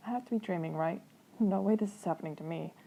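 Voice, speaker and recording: A woman's voice: fairly low pitch, fast talker, vocal fry, warm tone, highs cut off. A woman reading a fan story aloud, voicing a flustered teenage girl who rambles in disbelief. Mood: disbelieving.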